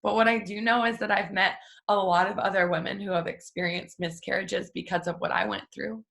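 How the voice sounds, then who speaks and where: A woman's voice: mid-range voice, fairly even intonation, brisk, creaky, fairly bright tone. A young woman giving a casual, emotional faith talk at home, chatty and full of fillers. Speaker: devotional host. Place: family home. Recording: roomy echo.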